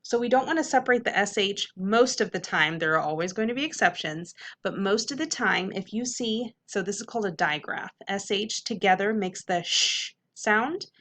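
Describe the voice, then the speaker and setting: A young adult woman teacher giving an upbeat phonics lesson, clearly sounding out letters and syllables. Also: medium pitch, animated, normal speed, hardly any pauses, a bit bright.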